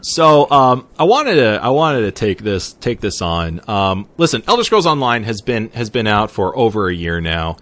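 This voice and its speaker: A man hosting a gaming podcast, leading the group discussion in an animated way. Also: lowish voice, moderate pace, hardly any pauses. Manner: animated, leads the talk. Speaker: podcast host.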